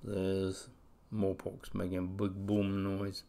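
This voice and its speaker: A man reading a children's story aloud, expressive and dropping to a whisper at scary moments. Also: low voice, slow, creaky. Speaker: story reader.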